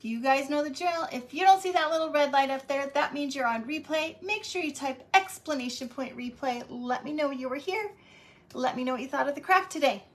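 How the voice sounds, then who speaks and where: A middle-aged woman hosting a live crafting stream, chatting warmly and greeting viewers by name as she works. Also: high voice, brisk. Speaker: crafting livestream host.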